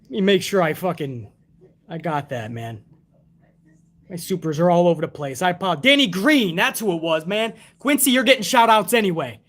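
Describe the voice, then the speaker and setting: Male wrestling reviewer, high-pitched, foul-mouthed, sarcastic live-stream ranter. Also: animated, fairly quick, fairly bright tone. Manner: profane, ranting, sarcastic. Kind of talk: casual live-stream commentary.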